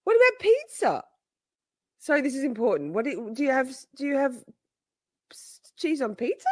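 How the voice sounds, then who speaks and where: Woman comic ranter, pitch leaping around, dry close sound. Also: sing-song, moderate pace, long pauses, no echo. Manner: mock-dramatic, exaggerated outrage. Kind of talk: comedic rant clip.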